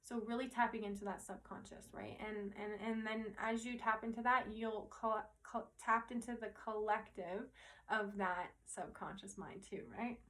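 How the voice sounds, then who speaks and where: A woman's voice: medium pitch, steady tone, normal speed, a bit bright. A woman giving a casual, earnest spiritual talk to her viewers, rambling a little, tagging "right?" onto her thoughts and swearing now and then. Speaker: spiritual teacher and intuitive reader.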